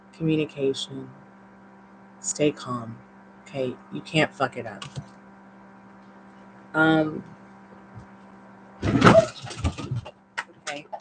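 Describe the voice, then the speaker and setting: A woman's voice: low voice, noisy background. Chatty Southern woman reading tarot. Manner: chatty, encouraging, rambling asides. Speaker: tarot reader. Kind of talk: live-stream tarot reading.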